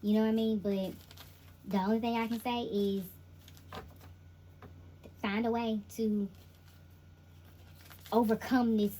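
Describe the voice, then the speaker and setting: A woman's voice: a little high, level tone, slow, long pauses, warm tone, slight background noise, low-quality recording. A woman giving a casual tarot reading, speaking directly to the listener in an emphatic, repetitive, slangy way. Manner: informal slangy delivery. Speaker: intuitive tarot reader.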